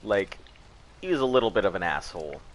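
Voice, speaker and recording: A man's voice: sits low, very animated, fast talker. A man hosting a game live stream, chatting casually and rambling, laughing at his own jokes. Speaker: gaming live-stream host.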